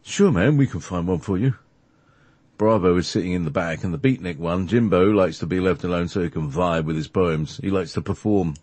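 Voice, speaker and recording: A man voicing a laid-back male hippie from the sixties who talks in easygoing slang, with a husky voice. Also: low voice, fairly quick, darkish tone, no echo. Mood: mellow.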